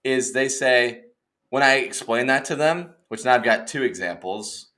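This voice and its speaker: Animated, bright-voiced young man. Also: medium pitch, normal speed. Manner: excitable, shouts in mock outrage, does silly voices. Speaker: podcast co-host. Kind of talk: casual chat.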